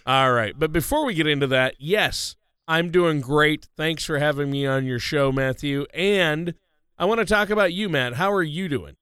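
A man's voice: fairly high pitch, normal speed, a bit bright, clear, resonant tone, no room sound, clean studio sound. A man co-hosting a financial radio show who banters, asks curious questions and laughs often. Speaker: radio co-host.

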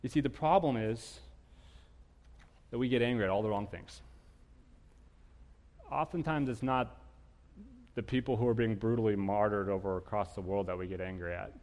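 A married man preaching to his congregation, asking them questions and getting loud and animated when he tells stories. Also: lowish voice, normal speed, long pauses, big-room sound. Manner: animated storytelling, rising loud when telling anecdotes; addresses congregation directly with questions. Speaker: pastor. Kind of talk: sermon.

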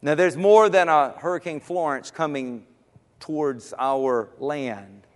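High-voiced preacher man in a reverberant hall. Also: slow pace. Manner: dramatic swings from soft to shouting. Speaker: pastor. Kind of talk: sermon.

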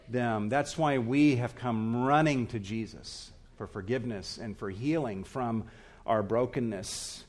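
Guy preaching a sermon, earnest and emphatic, mid-pitched voice, breaks things into short phrases. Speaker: pastor. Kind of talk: expository sermon.

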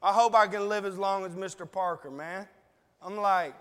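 A man's voice: high voice, fairly even intonation, moderate pace, fairly bright tone, smooth, long reverb tail. A man preaching a sermon, earnestly pleading with his congregation. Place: church.

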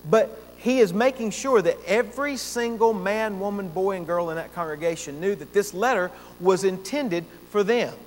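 A man's voice: high voice, moderate pace, hardly any pauses. A man preaching a sermon as pastor, earnest and emphatic, repeating phrases for stress. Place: church sanctuary. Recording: long church reverb, faint hum.

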